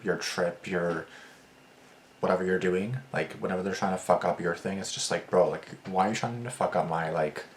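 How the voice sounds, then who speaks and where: A man with a very low voice rambles through casual reaction commentary. He swears often and fills his talk with "like" and "bro". A faint noise sits behind him. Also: steady tone, normal speed. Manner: rambling, profane, lots of "like" and "bro". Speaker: reaction video host.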